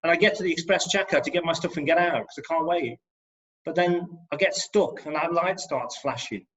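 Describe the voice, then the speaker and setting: A spoken-word poet with a higher voice on a dull call line. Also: male voice, brisk, fairly bright tone. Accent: English Midlands. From England. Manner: rhythmic, rhyming delivery with wry humour. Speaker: performance poet. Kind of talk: spoken-word poetry reading with comic asides. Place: home, on an online video call. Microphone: video call microphone. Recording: dull lo-fi video call audio.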